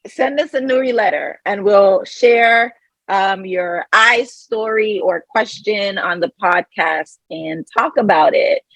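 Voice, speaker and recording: A young adult woman co-hosting a podcast in casual chat, giggly and quick to laugh at her own jokes. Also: medium pitch, gravelly, a bit bright, dry recording, muffled recording. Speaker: podcast co-host.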